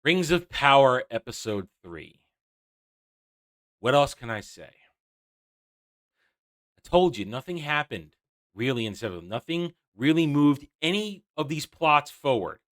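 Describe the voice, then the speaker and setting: A man's voice: mid-range voice, big pitch swings, a little slow, long pauses, fairly bright tone. A man reviewing a TV episode, sarcastic and exasperated, recapping scenes with frequent restarts. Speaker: YouTube reviewer.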